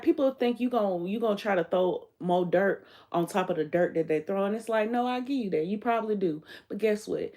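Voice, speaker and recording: A woman's voice: medium pitch, warm tone. A woman hosting her own livestream, talking bluntly and emphatically in a candid, profane monologue, often quoting what she told others. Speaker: livestream host.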